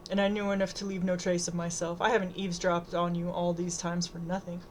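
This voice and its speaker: A woman's voice: on the low side, flat delivery, brisk, slight background noise, close to an everyday voice. Woman reading as a shaky, tearful teenage girl. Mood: resolved. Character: teenage girl, shaken and upset.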